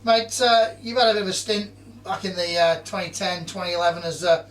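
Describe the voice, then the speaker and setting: Brief male host, high voice, fast and matey, sits back from the mic. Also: little pitch movement, a bit bright, recorded from a distance. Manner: says "mate" constantly, matey and chatty. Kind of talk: casual interview chat.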